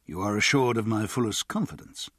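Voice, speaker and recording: A man voicing a calm, discreet Victorian gentleman in an audiobook, speaking in a measured way. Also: fairly low pitch, no room sound, studio quality. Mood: composed.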